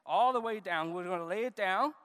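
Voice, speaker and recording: A man pastor leading a children's service, giving animated, coaxing instructions to the kids. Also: high voice, a little fast, smooth. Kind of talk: children's sermon with puppet skit. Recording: reverberant church hall.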